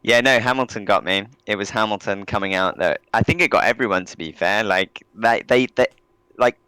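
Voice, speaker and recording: Man, podcast co-host, animated casual chat, resonant low voice. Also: a little fast, smooth, no echo, low-quality recording. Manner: animated, swears, stammering restarts.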